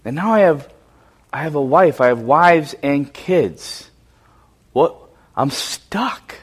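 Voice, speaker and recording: A man preaching voices a frightened man praying in shame and fear, hushed and halting. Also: a little high, lively intonation, slightly rough, exaggerated voice. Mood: fearful pleading. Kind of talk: sermon, acted quote.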